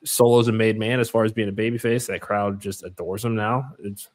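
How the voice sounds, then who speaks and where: A man co-hosting a wrestling podcast, easygoing and agreeable, answering with steady short replies. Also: lowish voice, brisk. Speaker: podcast co-host. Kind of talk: casual chat.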